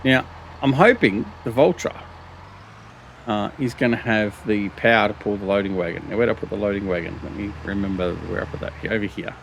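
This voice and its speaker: A gravelly, fairly low Australian man hosts a farming game session, drifting between plans and tangents with frequent ums. His recording has a faint hiss underneath. He sounds middle-aged and easygoing about his own slips. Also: brisk. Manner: rambling, many ums and restarts, self-mocking. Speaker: gaming channel host. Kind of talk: casual gameplay commentary.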